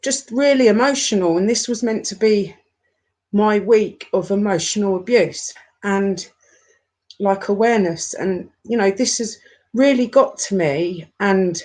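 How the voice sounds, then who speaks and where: A woman's voice: mid-range voice, darkish tone. Upset woman in her forties ranting. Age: 40s. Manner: upset, halting, repeats herself. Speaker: YouTuber. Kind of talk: emotional live-stream rant.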